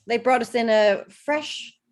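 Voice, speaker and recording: A woman's voice: on the high side, takes it slowly. A woman voicing a bubbly female innkeeper with a light put-on Scottish accent, chirpy and welcoming. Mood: cheerful.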